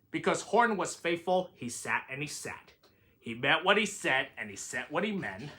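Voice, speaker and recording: A man's voice: a little high, very animated, normal speed, sharp tone. A man reading a rhyming picture book aloud with a sing-song delivery. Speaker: reader.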